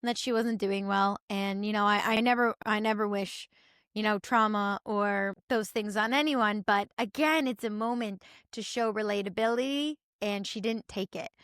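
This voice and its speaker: A woman's voice: mid-range voice, steady tone, normal speed, fairly bright tone, clear, resonant tone, dry recording, clean studio sound. A young woman in a casual opinion vlog, chatty and candid, with her talk peppered with "like". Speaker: YouTube commentator.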